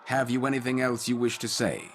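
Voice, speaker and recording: An actor playing a stern judge in a video game, speaking in a formal, measured way. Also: male voice, mid-range voice, sing-song, vocal fry, a little hiss or hum. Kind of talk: game voice acting.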